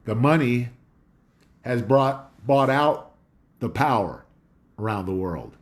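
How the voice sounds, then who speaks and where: A man's voice: medium pitch, expressive, slow pace. A man hosting a casual talk show from home, rambling in a conspiratorial monologue with a dog nearby.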